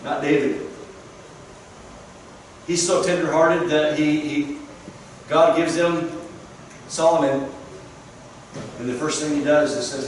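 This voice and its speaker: A pastor with a high voice preaching earnestly, repeating himself for emphasis. The room is strongly echoey, and he is picked up from a distance. A faint hiss sits underneath. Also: steady tone, slow, long pauses. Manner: earnest storytelling, emphatic repetition. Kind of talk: sermon. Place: church sanctuary.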